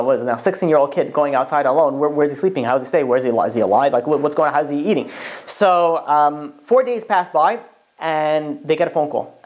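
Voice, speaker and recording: A man, a rabbi, teaching a class in a chatty, animated way, telling stories and acting out the quotes. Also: fairly high pitch. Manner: animated, chatty, many fillers and restarts, acts out quotes. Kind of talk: casual classroom lesson with storytelling.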